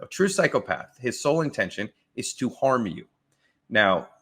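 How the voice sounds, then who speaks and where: A man's voice: mid-range voice, fairly bright tone. A man giving enthusiastic, conversational reaction commentary on martial arts training, often restarting his sentences as he goes. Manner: enthusiastic, conversational, self-correcting.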